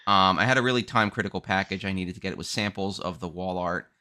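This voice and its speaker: Bright-voiced man ranting about mishaps. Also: low voice, fast. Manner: animated storytelling, ranting. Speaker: podcast host. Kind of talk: casual chat.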